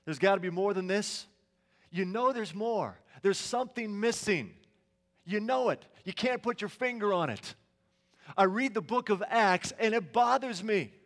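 A man's voice: high-pitched, a little slow, fairly bright tone. A middle-aged male pastor preaching a sermon in a church sanctuary, telling stories conversationally and asking the congregation questions.

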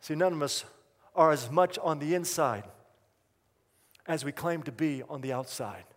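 A man's voice: on the high side, moderate pace, long reverb tail. A male pastor preaching a sermon, emphatic and repetitive, putting questions to the congregation. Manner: emphatic, repeats key lines, asks the congregation questions.

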